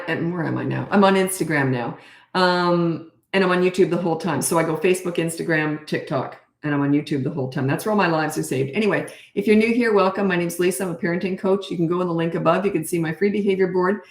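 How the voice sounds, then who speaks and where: A middle-aged woman coaches parents live, blunt and confident, and often slips into quick acted bits of dialogue. Her voice sits low with a gravelly edge. The room around her gives it a noticeable echo. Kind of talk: casual live-stream advice. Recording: echoey room.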